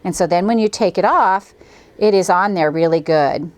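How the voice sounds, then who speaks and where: A lowish voice at a moderate pace belongs to a middle-aged woman hosting a quilting tutorial. She keeps the craft demonstration friendly, chatting cheerfully and folksily at each step.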